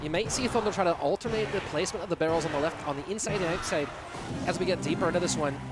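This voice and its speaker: A man doing a put-on Scottish accent while casting an esports match live, excitable and teasing. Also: high voice, rapid-fire, very noisy, lightly acted. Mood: playful. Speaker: esports caster.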